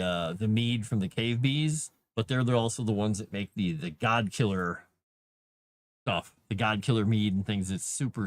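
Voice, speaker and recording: A man's voice: on the low side, no room sound. Chatty man thinking aloud on a livestream. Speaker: author livestreaming his writing. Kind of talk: casual livestream chat while writing.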